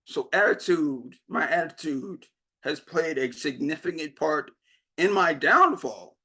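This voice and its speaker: A man's voice: on the high side, animated, unhurried, pushed and bright, slightly rough. A young man giving a motivational keynote, telling his story and acting out the dialogue. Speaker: keynote speaker.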